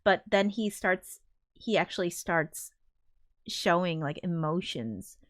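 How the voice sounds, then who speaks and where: A woman's voice: lowish voice, slow pace, no room sound, clean studio sound. A woman composer chatting casually on a livestream, rambling with frequent restarts and casual swearing. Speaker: composer streaming her work.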